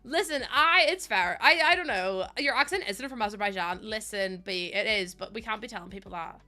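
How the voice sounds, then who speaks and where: Chatty Northern Irish woman, bright voice. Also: medium pitch, fairly quick, faint music behind. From Northern Ireland. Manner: chatty, laughs often, rambling asides. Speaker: game streamer. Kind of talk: casual live-stream chat, greeting viewers.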